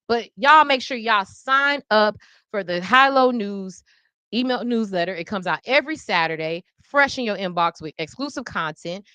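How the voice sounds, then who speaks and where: A woman's voice: fairly low pitch, sharp tone, clean tone, dry recording. A woman in her thirties hosting a live podcast, chatting casually and animatedly in slang and laughing often. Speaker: podcast host.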